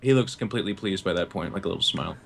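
A man's voice: sits low, very fast, gravelly, breathy edge. A man narrating as game master, rambling casually with lots of fillers. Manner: rambling, full of fillers and laughs.

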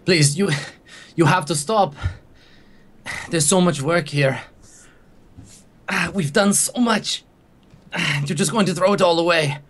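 A fussy, fretful lab scientist, a grown man who pleads in a voice pushed above his usual pitch, as a man acts him out. He sounds earnest and a bit panicky, in a tabletop game. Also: unhurried, pauses often, fairly bright tone. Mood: pleading.

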